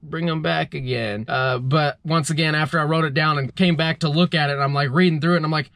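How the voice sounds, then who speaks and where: A man's voice: on the high side, steady tone, fast talker, vocal fry, fairly bright tone, no room sound, studio quality. A young man casually retelling a strange dream as a vlogger, rambling with lots of fillers. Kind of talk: casual storytelling.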